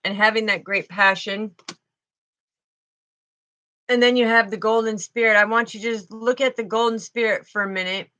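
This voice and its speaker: A woman's voice: on the high side, fairly even intonation, normal speed, pauses often, sharp tone, poor audio. A woman doing a spiritual card reading, talking in a fervent, emotional way and often repeating herself.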